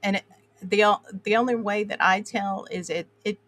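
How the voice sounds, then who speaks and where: A woman with an Appalachian twang talks in a loose, casual way. Her pitch sits in the middle, and she strings her thoughts together with plenty of fillers and little laughs. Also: fairly even intonation, normal speed, a bit bright. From Appalachian Mountains, USA. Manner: rambling, filler-heavy, laughs often. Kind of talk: casual chat.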